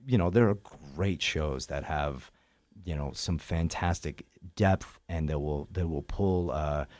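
A man with a Canadian accent, a stage actor chatting in an interview with animated, self-deprecating humor. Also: sits low, dry recording. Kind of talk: interview chat.

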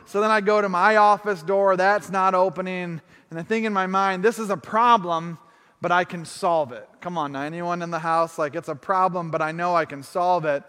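Male pastor, high voice, lively sermon storyteller, echoing church hall. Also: a little fast, hardly any pauses, clear, resonant tone. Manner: animated, self-deprecating humor, acts out his own thoughts.

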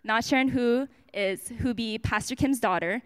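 A woman's voice: fairly high pitch, normal speed, clean tone. A woman giving a personal testimony at a church service, chatty and self-mocking, with lots of fillers and restarts.

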